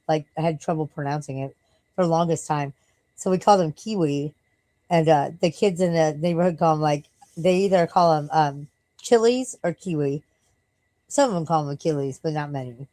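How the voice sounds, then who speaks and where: Low-voiced, profane, tired woman streamer. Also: brisk, dark tone, dry recording, poor audio. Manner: rambling and profane, breaks off to scold and coo at her dog. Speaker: live streamer. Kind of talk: casual late-night live stream chat.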